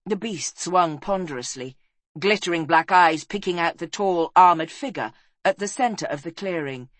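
Lady reading a fantasy book out loud, dramatic, dry close sound. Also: moderate pace, no echo. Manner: expressive, drops low and soft for sad passages. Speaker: narrator. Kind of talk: dramatic storybook narration.

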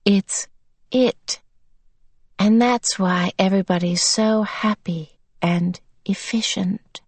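Woman reading as a sinister, monotonous possessed boy. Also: medium pitch, slow pace, breathy edge, no room sound. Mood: lecturing. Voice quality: monotonous, flat.

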